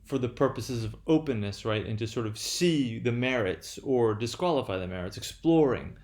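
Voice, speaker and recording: A man's voice: mid-range voice, animated, normal speed, darkish tone. A man giving a lecture, hesitant, with many fillers and restarts, switching between French and English.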